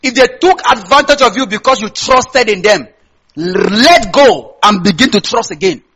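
Man, Nigerian accent, pastor, sermon, high-pitched, husky, asks the congregation questions. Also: animated, normal speed, pushed and bright, low-quality recording. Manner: preaching with call-and-response questions to the congregation.

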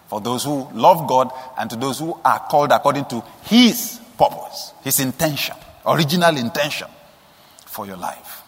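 A male preacher delivering a sermon, telling stories and asking rhetorical questions, with sudden high emphatic rises. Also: a bit bright, husky, in a large hall.

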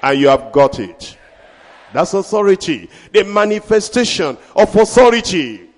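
A male pastor with a high-pitched voice delivers an emphatic sermon. He swings between ringing, shouted declarations and quiet, confiding asides. His voice carries a long reverb tail, as in a large hall. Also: big pitch swings, a little slow.

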